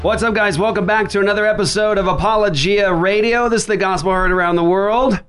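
Guy hosting a radio show, kinda high voice, chatty and upbeat, light music behind. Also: fairly bright tone, clean tone. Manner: upbeat, quick banter with frequent laughs. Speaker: podcast host. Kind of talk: casual radio show chat. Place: makeshift studio writers' room.

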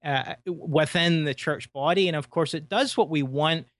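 A man's voice: a little high, normal speed, fairly bright tone, no echo. A man with a Scottish accent, a guest filmmaker, talking in an emphatic, preachy way in a casual discussion.

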